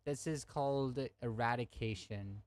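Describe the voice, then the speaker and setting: A man's voice: mid-range voice, unhurried, a little mellow. A young man streaming a heated debate, arguing angrily with his chat and swearing often. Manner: angry, profane, talks to chat.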